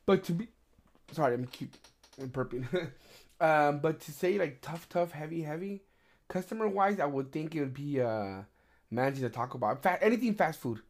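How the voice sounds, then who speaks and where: Profane, animated middle-aged man. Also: a little high, moderate pace. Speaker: podcast host. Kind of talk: casual chat.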